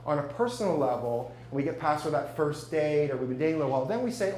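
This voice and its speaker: A man with a fairly high, darkish voice and lively intonation speaks fast to a live audience at a marketing meetup. He keeps things jokey and conversational, regularly quizzing the room, amid echo and a faint hum.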